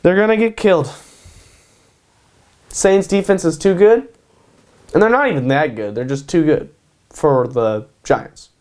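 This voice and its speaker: A man's voice: a little high, unhurried, pauses often, darkish tone. A man hosting his own show, giving casual sports predictions in a hyped way, repeating his picks and tacking "baby" onto them. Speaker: host. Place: home in Kansas.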